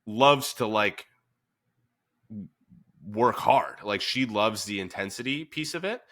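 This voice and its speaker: A man, a fitness coach and podcast host, talking in a calm, even-keeled way with many fillers. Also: lowish voice, takes it slowly. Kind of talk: casual podcast chat.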